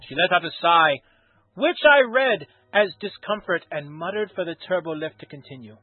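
A man with a husky voice reading a fan story aloud in a plain, unpolished way, with small slips. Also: high-pitched, lively intonation, a little fast. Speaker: story reader. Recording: tinny phone-like recording with faint music.

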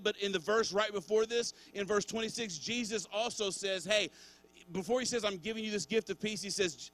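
A man's voice: high-pitched, fairly bright tone, dry recording, rough recording. A man preaching as pastor, conversational and searching at times, then building to fervent emphasis. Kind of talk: sermon.

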